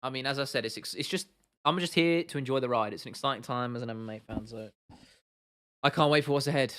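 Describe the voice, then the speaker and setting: During an MMA livestream, a man with a mid-range, slightly bright voice talks quickly, answering viewer comments in a casual, sweary, rambling way full of fillers and restarts. The recording is clean studio sound with no echo.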